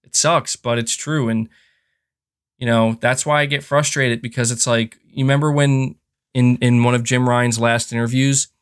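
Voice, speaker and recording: A man hosts a podcast in a casual, frustrated rant full of fillers and restarts, sharing his opinions. His medium-pitched voice is clear and resonant, with a steady tone and moderate pace.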